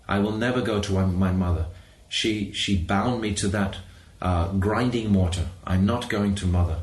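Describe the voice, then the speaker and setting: A man's voice: low-pitched, normal speed, close to an everyday voice. A man voicing a hurt, stubborn young boy god who refuses to be comforted, in an echoey room. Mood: hurt refusal. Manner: sulky, refusing.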